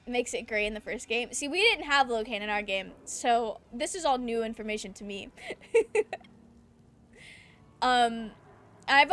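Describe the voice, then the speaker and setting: A woman's voice: on the high side, a bit bright. A young woman streaming a video game, chatting casually and reading chat aloud, laughing often and ranting with swearing. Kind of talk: casual gameplay commentary.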